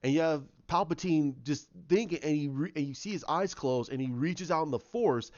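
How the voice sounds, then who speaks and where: Rambling, higher-voiced man. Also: normal speed, darkish tone, no echo, lo-fi sound. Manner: rambling, with many restarts. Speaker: fan commentator. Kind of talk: casual fan retelling.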